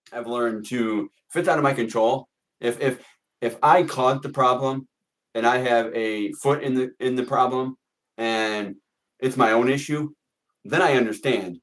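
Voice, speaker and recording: A man's voice: medium pitch, moderate pace, low-quality recording. A man on a video call as a guest tarot reader, earnest and reassuring, often repeating himself. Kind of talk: casual live stream chat.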